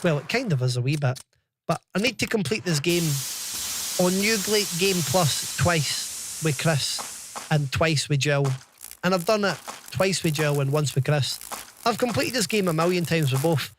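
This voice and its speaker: A man's voice: fairly high pitch, animated, normal speed, noisy background. A young adult man with a Scottish accent, chatting casually and swearing as he livestreams a game. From Scotland. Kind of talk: casual gaming stream chat.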